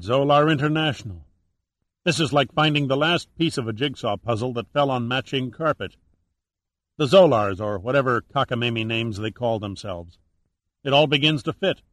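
A man reading the lines of a blunt, gruff middle-aged male FBI agent in an audiobook. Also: medium pitch, moderate pace, fairly bright tone, no room sound, close to an everyday voice.

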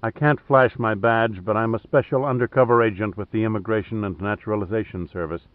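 A man's voice: on the low side, fairly even intonation, fairly quick, no room sound, natural voice. A man voicing a composed female undercover agent who asks for help formally and courteously, read in an audiobook. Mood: polite, urgent. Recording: tinny phone-like dry sound.

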